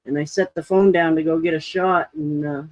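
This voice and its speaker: A man's voice: on the high side, steady tone, brisk, no room sound, low-quality recording. A man co-hosting a livestream, chatting casually and going along easily with the host. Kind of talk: casual chat.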